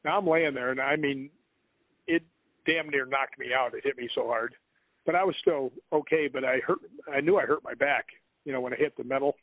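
A man's voice: mid-range voice, brisk, dry recording. Rambling male storyteller on a phone line. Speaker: guest author. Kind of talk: storytelling in an interview.

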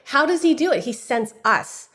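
A middle-aged woman from San Francisco, a guest author in an interview, telling a personal story with animated delivery and acting out other people's voices. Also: sits high, normal speed. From San Francisco, USA. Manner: animated, acts out the voices of people in her stories.

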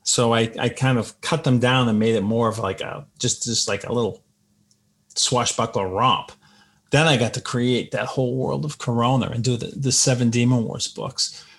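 A man's voice: medium pitch, fairly even intonation, a little fast, slightly rough. A man, an author, telling anecdotes in casual conversation and acting out the voices of the people he quotes. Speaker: author guest.

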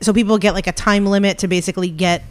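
High-voiced curious male host. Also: steady tone, fast talker. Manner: curious, asks follow-up questions. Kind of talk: casual interview chat.

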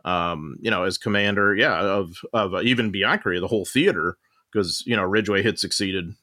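Deep, bright-toned man explaining history. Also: normal speed, no echo, clean studio sound. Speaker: historian guest. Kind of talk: casual history discussion.

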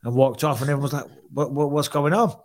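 A man's voice: a little high, quick pace. Swearing man telling a story. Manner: swearing, animated retelling with quoted voices. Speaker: podcast co-host. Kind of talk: casual storytelling chat.

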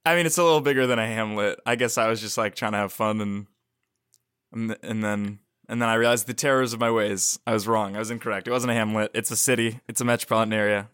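Bright-voiced joking male podcast co-host. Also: lowish voice, fast, smooth. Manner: deadpan joking, playful exaggeration. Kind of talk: casual comedic banter.

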